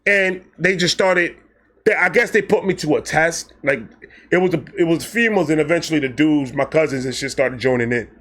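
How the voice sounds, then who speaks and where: A man from Brooklyn tells a story. His voice sits a bit high, and he talks in a loose, profane, animated way, switching into voices for the people he quotes. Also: a little fast. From Brooklyn, New York. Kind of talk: casual storytelling.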